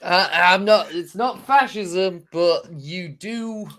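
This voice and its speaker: A man's voice: high-pitched, slow, crowd noise. A man co-hosting a podcast in casual chat, hesitant and full of restarts. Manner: hesitant, lots of restarts and fillers. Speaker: podcast co-host.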